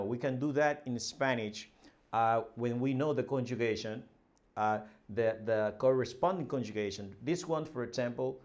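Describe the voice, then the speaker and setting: Man teaching, halting and patient. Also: medium pitch, a little mellow. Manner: explains slowly with many fillers and restarts; reads dialogue lines aloud, then translates each. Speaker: language teacher. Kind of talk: spoken language lesson.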